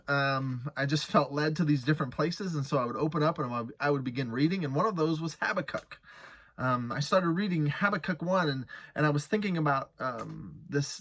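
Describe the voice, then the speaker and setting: A man's voice: on the high side, fairly bright tone. A man preaching a sermon as pastor, conversational and earnest, reading scripture with rising intensity.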